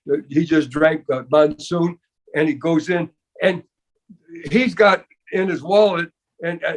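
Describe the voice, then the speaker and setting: An older man spins a long story in a casual interview, stumbling and restarting, dropping "man" and "you know" all through. His voice sits a bit higher than most men's. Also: fairly bright tone. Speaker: interview guest.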